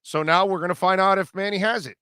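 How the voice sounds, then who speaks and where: A middle-aged sports radio host with a high-set voice gives a blunt, preachy talk. He speaks close to the mic in a dry studio, hitting each point in short, emphatic bursts. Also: fairly even intonation, fast, sharp tone, smooth, no echo. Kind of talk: opinionated sports talk monologue.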